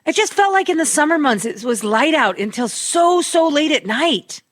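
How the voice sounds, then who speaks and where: A woman co-hosting a talk show, chatting casually in a brash, animated way and swearing freely. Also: sits high, moderate pace, no echo. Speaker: radio show co-host.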